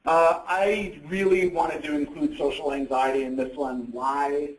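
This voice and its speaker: Man, higher voice, conversational lecture, asks and answers own questions, echoey room. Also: steady tone, unhurried. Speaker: presenter on psychiatric issues. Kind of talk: educational presentation.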